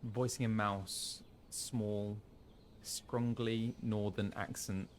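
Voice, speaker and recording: A man's voice: lowish voice, steady tone, extremely slow, a little hiss or hum. A man giving casual, playful gameplay commentary, musing aloud to himself. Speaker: streamer playing a game.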